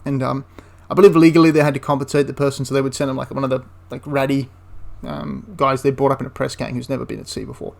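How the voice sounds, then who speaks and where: A man's voice: medium pitch, flat delivery, fast, creaky, hardly any pauses. A man giving a casual, enthusiastic spoken review of a tabletop wargame, rambling into asides and restarting his sentences.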